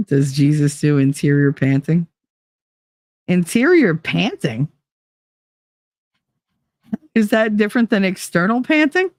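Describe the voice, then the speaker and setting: A woman's voice: on the low side, very animated, slow, pauses often, a little mellow, no echo, studio quality. A woman with a New Jersey accent hosting a livestream, chatting casually with viewers in a blunt, profane, rambling way. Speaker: livestream host. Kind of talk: casual chat with live viewers.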